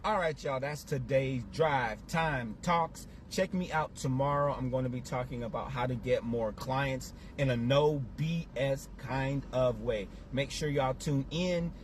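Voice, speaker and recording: A man's voice: medium pitch, unhurried, few pauses, a little hiss or hum. A man giving a live, preachy motivational business talk, repeating his points with emphasis, from his car. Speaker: business coach.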